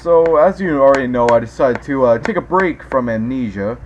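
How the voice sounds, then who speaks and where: A man giving let's play commentary as a gaming video host, excitable, yelping and groaning at every mishap. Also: medium pitch, brisk, slight background noise, rough recording.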